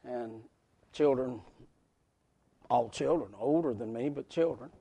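A man with a West Virginia accent preaching a folksy sermon to a congregation, swinging from shouts to hushed words. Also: medium pitch, unhurried, creaky, breathy edge. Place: church service before a congregation.

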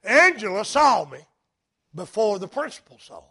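A male preacher delivering a sermon, emphatic and rising to shouts, weaving in personal stories. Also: high-pitched, very animated, normal speed.

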